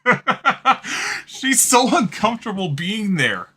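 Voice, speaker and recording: A man's voice: sits high, sing-song, takes it slowly, pushed and bright, husky. A man hosting a reaction video, talking casually, swearing and laughing often. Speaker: host. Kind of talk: reaction commentary.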